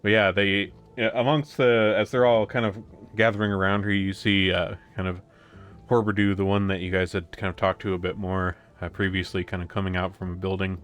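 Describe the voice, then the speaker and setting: A man narrating a tabletop game as game master, rambling with many pauses and restarts. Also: low-pitched, level tone, a bit bright, clear, resonant tone.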